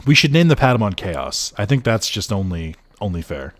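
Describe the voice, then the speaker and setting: A man's voice: fairly low pitch, big pitch swings, moderate pace. A young man casually chatting with his viewers while streaming a game, joking and rambling with lots of fillers. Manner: chatty, joking, talks to chat, frequent fillers. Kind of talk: casual livestream commentary.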